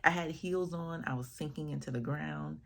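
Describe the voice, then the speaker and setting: Husky low-voiced woman telling a story. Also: normal speed. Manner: animated, expressive storyteller acting out quotes. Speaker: wedding officiant telling a story. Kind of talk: casual storytime vlog.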